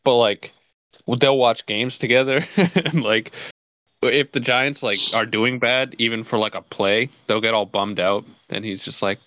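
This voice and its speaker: A man's voice: mid-range voice, a little slow, fairly bright tone, no room sound. A man co-hosting a podcast, chatting in a laid-back, joking way. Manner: laid-back, laughing, swears when quoting. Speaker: podcast co-host. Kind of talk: casual chat. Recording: dry, dull lo-fi sound.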